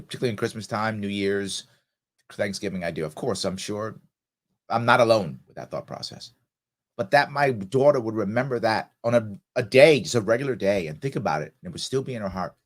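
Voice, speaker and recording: Man, 40s, show host, heartfelt monologue, earnest, emotional, repeats for emphasis, somewhat low voice. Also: expressive, fairly quick.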